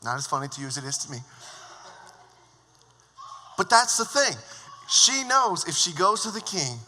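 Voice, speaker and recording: A man preaching a sermon as worship leader, telling the story in a lively, joking way. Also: sits high, normal speed, a little hiss or hum. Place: church sanctuary. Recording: long church hall reverb.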